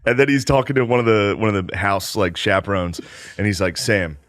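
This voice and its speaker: A man's voice: fairly low pitch, a little fast, dry recording, clean studio sound. A man in casual chat who tells stories with animation and laughs a lot. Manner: animated storytelling, laughs often.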